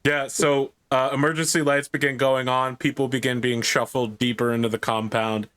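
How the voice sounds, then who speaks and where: A man's voice: mid-range voice, flat delivery, moderate pace, fairly bright tone, clear, resonant tone. A man narrating as game master of a tabletop role-playing game, with wry humor.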